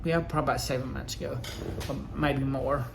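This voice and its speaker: A man recounting his experience in a rambling, aggrieved way, halting with fillers. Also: medium pitch, fairly even intonation, creaky, background noise. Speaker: vlogger. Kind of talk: casual personal storytelling.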